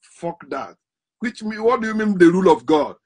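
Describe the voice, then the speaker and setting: Brief: husky man, slightly high voice, derisive commentator, laughs between points. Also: animated, darkish tone. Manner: scornful, laughs between points, drawn-out emphatic stresses. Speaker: online commentator. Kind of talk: mocking monologue.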